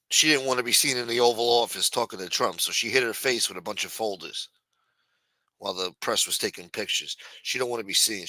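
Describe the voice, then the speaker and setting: A man's voice: mid-range voice, pushed and bright, no echo, low-quality recording. A man hosting a livestream, with brash, profane, mocking news commentary. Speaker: livestream host. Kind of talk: casual news commentary on a stream. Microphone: streaming mic.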